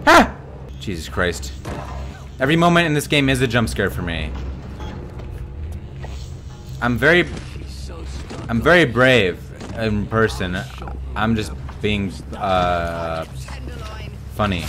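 A man's voice: fairly low pitch, expressive, unhurried, long pauses, a bit bright. A young man giving live gameplay commentary as a streamer, jumpy and swearing, with sudden yelps and squeals. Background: game music.

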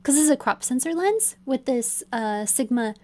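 Young female streamer, high and mellow, casual bedroom chat, bubbly and rambling. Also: moderate pace. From United States. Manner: chatty and excitable, restarts and laughs.

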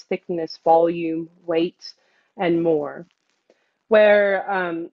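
Low-voiced woman giving an informal talk. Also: a little mellow, no echo, dull audio. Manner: informal, with many fillers and "like". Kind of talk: presentation talk.

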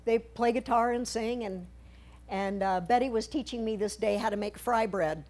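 A woman's voice: a little high, moderate pace, darkish tone. A woman speaking to a church congregation about a mission trip, walking through slides in a conversational, humorous way with playful asides. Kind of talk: church talk presenting slides. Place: church sanctuary.

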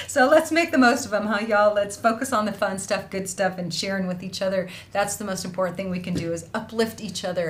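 A woman, hosting a casual craft livestream, bubbly and effusive, reading out viewers' messages. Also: medium pitch. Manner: bubbly, effusive, laughs often. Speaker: host of an online felting school livestream.

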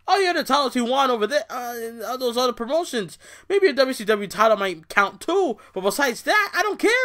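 A young man ranting in a show review, profane and exasperated, jumping from loud outbursts to low, bitter muttering.

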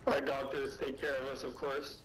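A man's voice: mid-range voice, flat delivery, moderate pace, background noise. A man from Florida talking easily with a stranger in voice chat. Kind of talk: in-game voice chat.

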